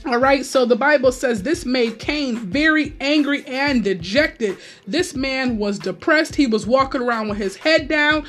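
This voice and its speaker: High-voiced woman preaching a sermon. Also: a little slow, hardly any pauses, faint music behind. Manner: conversational preaching with repeated asides and restarts.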